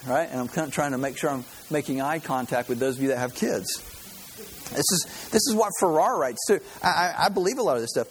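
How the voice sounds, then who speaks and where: A man's voice: fairly high pitch, expressive, brisk, husky. A man preaching a sermon to his congregation in a conversational way, with frequent restarts and direct asides to listeners. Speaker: pastor.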